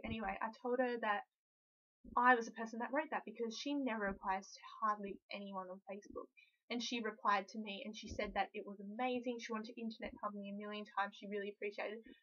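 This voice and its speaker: A young woman telling a story in a casual vlog, excitable and rambling, full of fillers. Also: mid-range voice, fast. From Australia. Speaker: vlogger. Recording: dull lo-fi recording.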